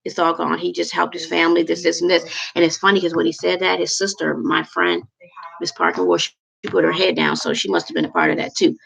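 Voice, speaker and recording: Gravelly chatty woman in her forties. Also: fairly low pitch, animated, fairly quick, fairly bright tone, low-quality recording. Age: 40s. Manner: chatty, emotional, rambling with many fillers. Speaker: vlogger. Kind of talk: casual storytelling to camera.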